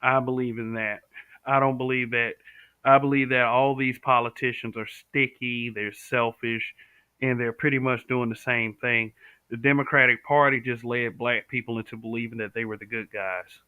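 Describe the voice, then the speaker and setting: A man's voice: mid-range voice, steady tone, moderate pace, clean tone, no echo. A man from the American South hosting a casual live stream, speaking bluntly and answering viewers' comments. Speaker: livestream host. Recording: tinny, dry home-stream audio.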